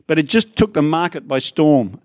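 Aussie pastor guy preaching, kinda high voice, dry close sound, chatty asides to the crowd. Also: animated, normal speed, no room sound. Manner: conversational, chatty asides to the congregation. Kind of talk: sermon. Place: church in front of a congregation.

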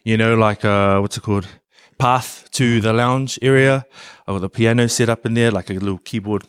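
A man, a professional rugby player, telling an animated story in an interview with lots of laughs and fillers. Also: on the low side, moderate pace, smooth, no room sound, studio quality.

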